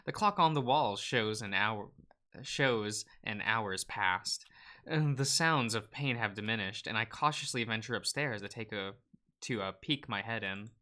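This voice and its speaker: A man's voice: on the low side, a little slow, pushed and bright. A man hosting a let's play, reading a visual novel aloud with playful, wry asides between the narration.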